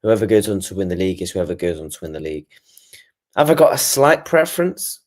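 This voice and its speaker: A man's voice: sits low, very animated, fast talker, a little mellow. A man hosting his own channel, giving a rambling, frustrated post-match reaction and swearing as he talks. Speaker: football fan channel host.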